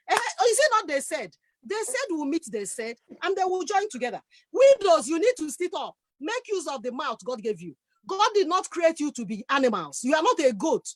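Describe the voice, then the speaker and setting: A woman on a discussion panel, speaking forcefully and with passion from her own experience. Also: very high-pitched, very animated, a little fast, no echo.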